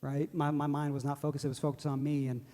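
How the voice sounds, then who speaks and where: A man's voice: fairly high pitch, flat delivery, fast talker, mellow. A man, preaching a sermon in a joking, self-deprecating way and laughing often. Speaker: pastor. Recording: long hall reverb.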